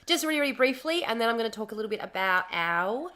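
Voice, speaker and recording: Woman streamer, chatty and bubbly, high and bright, slightly hoarse. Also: lively intonation, fast talker. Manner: chatty, bubbly greetings, swears casually. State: recovering from lost voice, slightly hoarse. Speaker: livestream host. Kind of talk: casual livestream chat.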